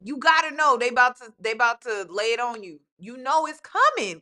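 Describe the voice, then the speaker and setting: A woman host giving casual commentary on a video, animated and emphatic, repeating lines for effect, with speech. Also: fairly high pitch, a little fast.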